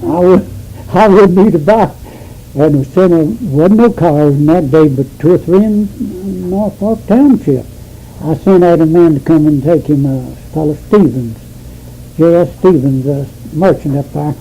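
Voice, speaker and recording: An older man with a thick drawl spins a rambling, folksy yarn. His voice sits a touch high but sounds dark and mellow, with a faint tape hiss behind it. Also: measured pace, poor audio. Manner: rambling, folksy, laughs as he tells it. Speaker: interviewee. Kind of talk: storytelling.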